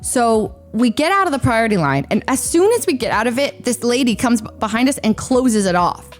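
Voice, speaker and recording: A young woman, a streamer, telling a story in a lively, casual way with lots of fillers and sound effects. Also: fairly high pitch, brisk, faint music behind.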